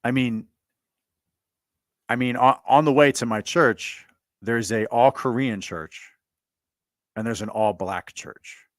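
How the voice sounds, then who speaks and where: A man's voice: lowish voice, no room sound, studio quality. A man bluntly retelling an argument in a monologue, stammering and repeating himself as he goes. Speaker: commentator telling a personal story. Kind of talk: monologue recounting a conversation.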